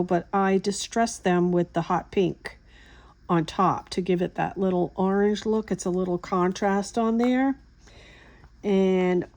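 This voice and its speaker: Slow, mellow-voiced woman demonstrating crafts. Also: mid-range voice. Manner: relaxed, chatty step-by-step explaining. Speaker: craft tutorial host.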